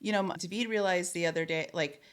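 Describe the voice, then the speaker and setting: A woman co-hosting a podcast, chatting casually in a lively way, laughing often and swearing casually. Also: fairly low pitch, fast talker. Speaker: podcast co-host. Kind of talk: casual chat.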